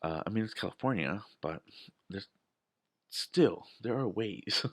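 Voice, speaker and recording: Low gravelly man rambling on camera. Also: lively intonation, measured pace, dry recording. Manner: rambling, restarts, emphatic rhetorical questions. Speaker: vlogger. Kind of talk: casual storytelling monologue.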